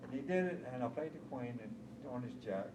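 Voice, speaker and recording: An older man spins bridge-table anecdotes, chuckling as he goes. He sounds distant in a roomy, echoing space with clear background noise. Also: mid-range voice, expressive, brisk. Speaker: bridge organizer. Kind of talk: casual storytelling chat. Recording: echoey room heard from far off with noise.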